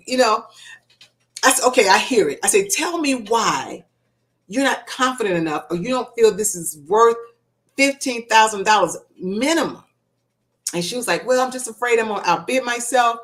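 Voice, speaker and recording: A woman hosting a casual livestream as a success coach, telling stories with lively acted-out dialogue. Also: a little high. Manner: animated storytelling, acts out quoted dialogue.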